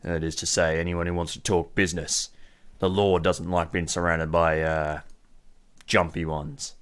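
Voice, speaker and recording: A blunt Australian town guard in a tabletop game, as the game master puts him on. Low-pitched and gruff, he gets flustered easily. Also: flat delivery, moderate pace, lightly acted. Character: gruff middle-aged male town guard.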